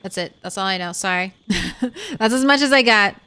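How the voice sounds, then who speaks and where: A woman's voice: mid-range voice, animated, moderate pace, bright, forceful tone, smooth, no room sound. A young woman streaming a zombie survival game, chatting casually with viewers and laughing often. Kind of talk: casual gameplay commentary.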